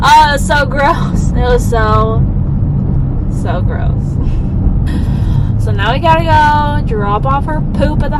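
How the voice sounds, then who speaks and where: A woman's voice: fairly high pitch, very noisy. A woman vlogging as a mom, chatting frankly and tiredly and laughing often. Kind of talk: casual vlog chat.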